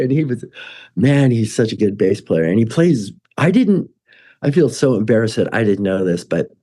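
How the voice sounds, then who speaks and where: A man's voice: lowish voice, sing-song, normal speed, mellow. A man guest telling a long, chatty story with lots of fillers, restarts and laughs. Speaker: musician guest. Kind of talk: casual rambling storytelling.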